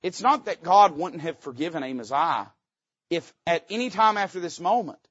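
Folksy preacher, slightly high voice. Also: male voice, expressive, normal speed, slightly rough, no room sound, muffled recording. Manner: folksy, joking preaching with loud emphatic rises. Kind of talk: sermon.

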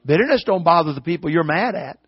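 A preacher delivers a folksy, story-driven sermon, his voice pitched high and climbing into shouts as he presses a point. The recording is dry and slightly muffled. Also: lively intonation, fast talker, slightly rough, dry recording.

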